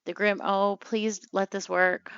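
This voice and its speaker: A woman narrating her gameplay in an unhurried, vocal-fry-laden voice that stays smooth and clear underneath. She talks in an emotional, chatty way, full of fillers and restarts. The recording is dry and a little dull, like a lo-fi home desk mic. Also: mid-range voice, level tone, a bit bright, no room sound. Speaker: let's play host. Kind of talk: casual gameplay commentary.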